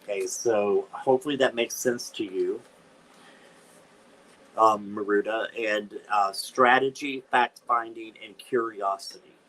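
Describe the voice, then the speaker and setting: A man's voice: on the low side, fairly even intonation, a little slow, sharp tone. A man hosting a live-stream tarot reading, chatty and given to dramatic squeals of disgust. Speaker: tarot reader, channel host.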